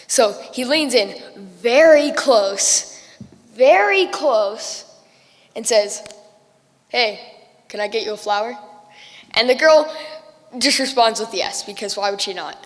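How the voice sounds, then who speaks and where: A woman's voice: fairly high pitch, a bit bright, big-room sound. A young female student telling a story at a festival in a casual, chatty way, with little giggles.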